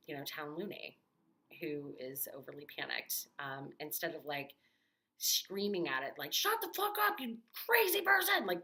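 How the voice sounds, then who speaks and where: A woman's voice: deep voice, bright, forceful tone. A woman vlogging in casual chat to camera, rambling and candid with lots of fillers.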